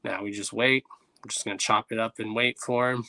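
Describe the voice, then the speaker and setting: Man, livestream host, casual chat, bright tone, lowish pitch, desk mic. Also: fairly even intonation, a little fast, gravelly. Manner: loose and chatty, reacts to chat.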